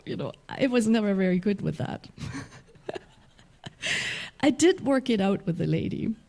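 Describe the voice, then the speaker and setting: Woman minister, mellow relaxed voice, middle pitch, laughing storyteller. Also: measured pace, vocal fry. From Germany. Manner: warm, laughing storyteller with many restarts. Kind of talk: sermon with personal story.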